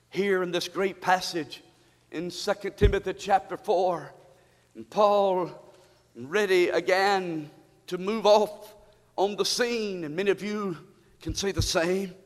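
A man preaching a fiery sermon in church, using call-and-response and moving between shouted peaks and low, intense passages. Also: big-room sound. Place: church sanctuary.

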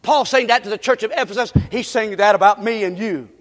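A pastor preaching fast, swinging from shouted lines to quiet asides to his congregation. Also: high-pitched, big-room sound. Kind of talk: energetic sermon.

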